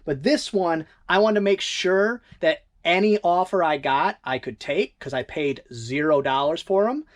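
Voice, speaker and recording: Reseller vlogger, mid pitch, casual and rambling, thinks out loud. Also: a little slow, hardly any pauses. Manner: rambling, thinking aloud, conversational. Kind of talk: casual vlog chat.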